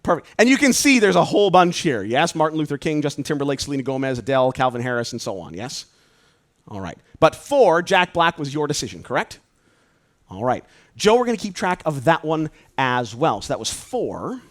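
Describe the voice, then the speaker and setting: A man performing a mentalist show live for an audience, calling out numbers with quick, lively patter. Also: fairly high pitch. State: out of breath. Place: cruise ship show venue.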